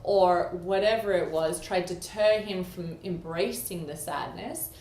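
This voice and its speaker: A woman's voice: on the low side, measured pace, a little mellow. A woman co-hosting a casual chat, talking animatedly and acting out quoted dialogue. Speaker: co-host. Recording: echoey room, faint background noise.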